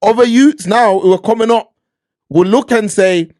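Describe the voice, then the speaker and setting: Dry-sounding co-host. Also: male voice, sits high, normal speed, no echo. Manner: agreeing, chiming in, relaxed. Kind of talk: heated opinion chat.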